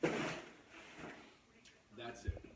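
A man chatting casually and playfully at home, his voice rough from recovering from being sick. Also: drawn-out words, roomy sound, heavy background noise. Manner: playful, jokey, sings goofy song bits. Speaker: vlog host. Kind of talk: casual chat.

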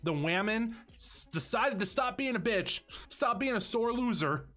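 High, lively joking man streamer. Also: measured pace. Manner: crude, joking, profane banter. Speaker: let's play streamer. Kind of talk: casual gameplay commentary.

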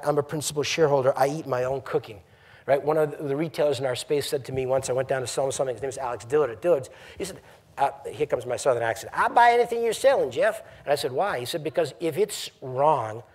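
A man's voice: medium pitch, darkish tone, breathy edge. A middle-aged man, a company CEO, giving an emphatic, conversational address to a college audience and often asking the room questions. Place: lecture hall.

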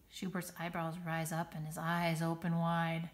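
A woman reading a children's picture book aloud, expressive and dramatic on the sound words. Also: lowish voice, unhurried. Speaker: storybook reader.

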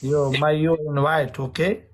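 A man with a Pashto accent, a native Pashto speaker, chatting on a live stream in halting, broken English and slipping into rapid Pashto. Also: a little high, little pitch movement. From Afghanistan or Pakistan Pashto region.

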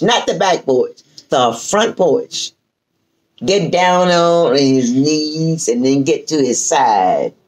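Her voice sits low on a rough recording. This older woman, appearing as a storyteller guest, recounts a family tale casually, stretching things out with lively energy and voicing her relatives' lines herself.

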